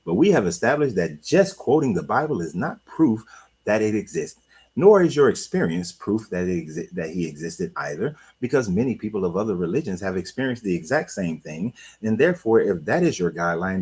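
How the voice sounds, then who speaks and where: A man hosting a casual livestream talk, blunt and animated, swearing and laughing often. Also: low voice, slightly rough, poor audio. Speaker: host.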